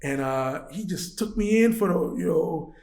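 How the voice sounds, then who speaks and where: An American man, a podcast guest, telling a story in lively, slangy talk and acting out what others said. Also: on the high side, normal speed. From United States. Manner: animated, laughs often, slangy, acts out quoted voices. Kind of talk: storytelling conversation. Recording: roomy echo.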